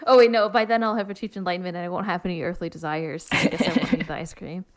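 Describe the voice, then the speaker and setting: A woman's voice: lowish voice, fairly even intonation, racing. Giggly woman chatting on a podcast. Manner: laughs often, jokey, tangents. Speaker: podcast co-host. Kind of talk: casual chat.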